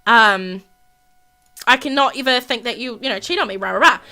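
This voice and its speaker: A woman's voice: fairly high pitch, normal speed, pushed and bright. Woman voicing an angry jealous husband. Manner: demanding, repeats himself insistently.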